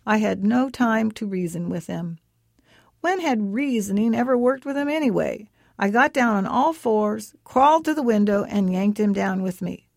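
A woman reading her own first-person story aloud, expressive and lively as she voices the characters' lines. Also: mid-range voice, moderate pace, vocal fry, no echo, clean studio sound.

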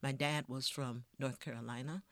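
A woman storyteller, telling a tale with expressive, rhythmic delivery and then talking in an interview. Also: moderate pace, no echo. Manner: expressive, rhythmic storytelling with wide swings in pitch and volume. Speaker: storyteller guest.

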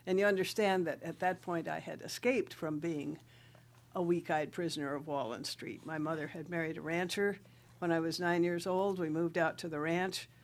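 A woman's voice: lowish voice, steady tone, normal speed. An older woman from South Dakota, a writer and rancher, tells stories in a radio interview, laughing often and reciting verse.

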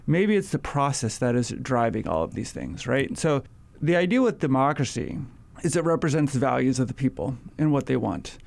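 A man explains economic policy in a studio interview. He thinks aloud and checks in with "right?". His voice has a middle pitch. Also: very animated, normal speed, gravelly, darkish tone. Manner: thoughtful, explaining, says "right?" often. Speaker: state tax research officer.

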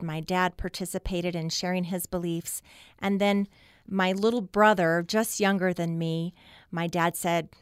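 A middle-aged woman telling a personal story as a radio guest, slow and reflective, with long pauses. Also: lowish voice, clear, resonant tone, no room sound, studio quality. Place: radio studio.

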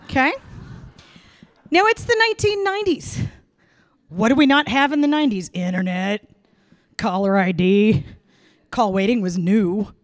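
A middle-aged woman doing stand-up storytelling, frank and animated, acting out the voices in her tale. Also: medium pitch, measured pace, long pauses, dry recording. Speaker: comedian.

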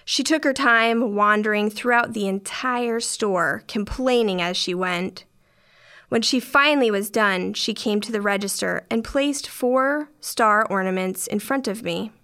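A woman's voice: mid-range voice, sharp tone. A middle-aged woman narrating a first-person story in a dry, wry way.

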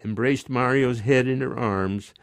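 A man in his nineties reading aloud his own short story in a measured, expressive way. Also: mid-range voice, creaky, no echo. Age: 90s.

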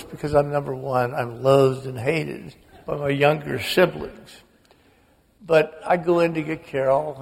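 A man's voice: on the high side, creaky, darkish tone, breathy edge. An older man, a guest author, telling a humorous, self-mocking family story on stage in a large auditorium. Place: large auditorium before an audience. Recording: long reverb of a big hall.

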